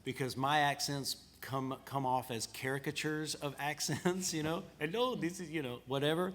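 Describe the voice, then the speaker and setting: A man's voice: a little high, fairly even intonation, normal speed, fairly bright tone, a little hiss or hum. Laid-back Southern man on a panel. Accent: Southern American. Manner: laid-back, self-deprecating, laughing. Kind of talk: casual panel discussion. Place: conference panel room.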